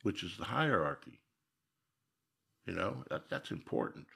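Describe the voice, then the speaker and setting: A man's voice: low-pitched, sing-song, measured pace, vocal fry, bright, forceful tone, husky. A man from Minnesota, a guest telling stories in a casual interview, reflective and folksy with emphatic repeats.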